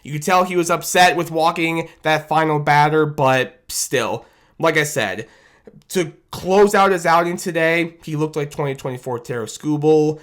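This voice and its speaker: A man giving a casual, animated recap of his team's loss as a fan commentator, self-deprecating and rambling, talking into a desk microphone. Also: fairly high pitch, normal speed. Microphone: desk microphone on camera.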